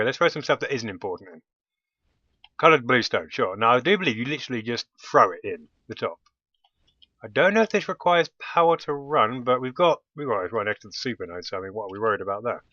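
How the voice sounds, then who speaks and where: A man's voice: mid-range voice, sharp tone, dry recording, lo-fi sound. A man giving casual commentary while playing a game, often bursting into delighted exclamations. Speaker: let's play host.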